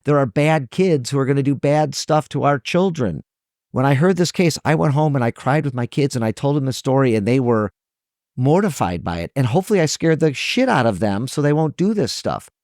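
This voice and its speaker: A man's voice: medium pitch, lively intonation, a little fast, a little mellow, no echo, studio quality. A middle-aged man, a trial lawyer, talking earnestly and emotionally as a podcast guest, often restarting his sentences. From Michigan, USA. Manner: earnest, emotional, many restarts and self-corrections. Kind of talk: conversational interview.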